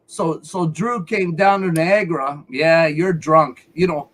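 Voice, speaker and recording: A man with a somewhat high voice rants on a live stream. He talks heatedly and swears often. He keeps circling back over his own words. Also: poor audio. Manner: heated, profane, repeats himself. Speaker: featured speaker on a live call-in show. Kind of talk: angry rant on a live stream.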